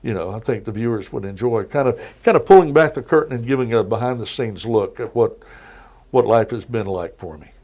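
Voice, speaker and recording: A middle-aged man, a TV news anchor, telling anecdotes in a relaxed podcast interview. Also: mid-range voice, fairly quick. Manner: easygoing anecdotal storyteller. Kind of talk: casual interview storytelling.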